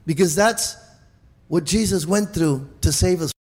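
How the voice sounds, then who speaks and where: High-voiced preaching man in a hall. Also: unhurried. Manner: animated preaching with many restarts and repeated "Amen?". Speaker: pastor. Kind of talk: sermon. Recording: echoey hall with long reverb.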